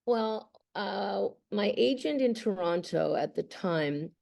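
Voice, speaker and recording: Gravelly-voiced actress, earnest and heartfelt. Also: female voice, mid-range voice, animated, slow pace, a little mellow. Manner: earnest, emotional storyteller. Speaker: voice actress guest. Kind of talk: interview conversation.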